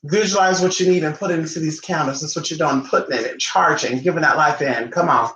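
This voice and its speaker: A man's voice: on the high side, quick pace, pushed and bright, a little hiss or hum. A man hosting a live-stream ritual tutorial, flamboyant and sassy, calling everyone honey and chatting back to his viewers. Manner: chatty, answers viewer comments. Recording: echoey room.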